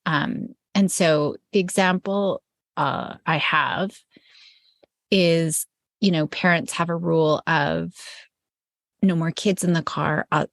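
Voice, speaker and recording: Brief: forties female co-host, very low gravelly voice, candid and playful, dry close mic. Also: steady tone, measured pace, no echo. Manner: candid, playful, explains in examples. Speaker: podcast co-host. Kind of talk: casual chat.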